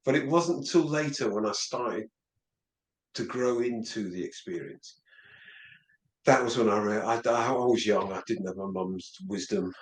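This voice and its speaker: Guy, lowish voice, keeps stumbling over his words, echoey room. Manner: halting, repeats words often. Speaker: interview guest. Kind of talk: casual reflective conversation. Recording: roomy echo.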